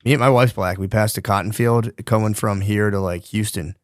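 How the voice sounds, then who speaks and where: A man's voice: lowish voice, steady tone, normal speed, dry recording, clean studio sound. A man co-hosting a podcast in casual chat, laid-back and agreeable, cracking jokes. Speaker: podcast co-host.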